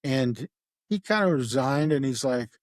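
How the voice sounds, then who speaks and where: A man's voice: mid-range voice, lively intonation, a little slow, no echo, clean studio sound. A middle-aged man, a retired homicide detective, casually recounting a case, rambling with fillers and acting out the dialogue. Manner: rambling, acts out quoted dialogue, many fillers. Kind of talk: casual true-crime storytelling.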